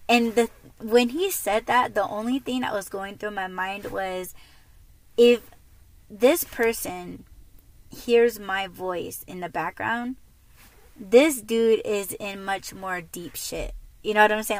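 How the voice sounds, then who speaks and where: A woman's voice: medium pitch, steady tone, slow pace, long pauses, dry recording, rough recording. A woman hosting a podcast, telling casual stories in a chatty way with lots of fillers and laughs. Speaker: podcast host. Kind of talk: casual storytelling monologue.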